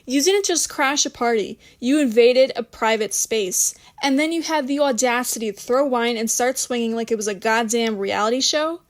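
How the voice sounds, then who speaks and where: A woman voicing an angry young woman who scolds in a sharp, cutting, scornful way. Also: a little high, normal speed, few pauses, close to an everyday voice. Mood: scolding.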